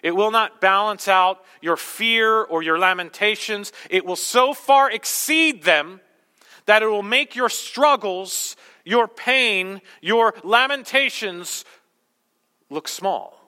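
A man's voice: sits high, slow, bright, forceful tone, clear, resonant tone, big-room sound. A male pastor preaching a sermon in a conversational way with self-deprecating humor.

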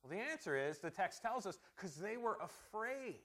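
A middle-aged male pastor preaching a conversational sermon, asking rhetorical questions and swinging between loud emphasis and quiet asides. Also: high-pitched, big pitch swings, moderate pace.

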